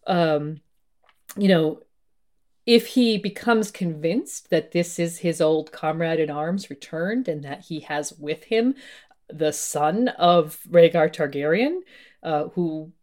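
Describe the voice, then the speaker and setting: A woman co-hosting a podcast, talking through fantasy book lore in a thoughtful, meandering way with many fillers and restarts. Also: lowish voice. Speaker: podcast co-host. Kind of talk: casual discussion of fantasy lore.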